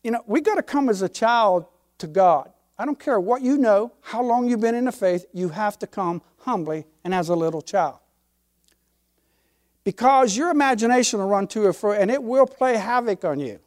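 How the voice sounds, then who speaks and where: A man's voice: high-pitched, expressive, normal speed. An older man, a pastor, preaching a sermon with emphatic, folksy delivery and homespun stories.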